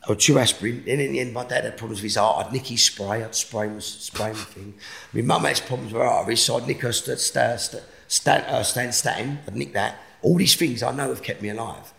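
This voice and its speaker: A gravelly-voiced middle-aged man with an Essex accent tells a deeply personal story as an interview guest. His delivery swings between animated outbursts and quiet, hushed passages. The room has a noticeable echo. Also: a little fast. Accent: Essex English. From England. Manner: animated, rising to shouts in retold quotes, dropping to hushed tones.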